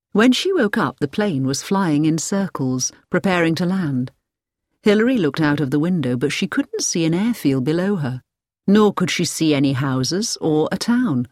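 A woman reading a story aloud as a narrator, clear and measured. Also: lowish voice, animated, a little mellow, dry recording, studio quality. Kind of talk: scripted audiobook narration.

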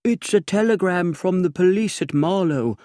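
Brief: man voicing an upright, humorless secretary, raised a little in pitch, solemn and serious. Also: normal speed, dark tone, no echo, clean studio sound, lightly acted. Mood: grave. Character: earnest, upright male secretary, grave and dutiful.

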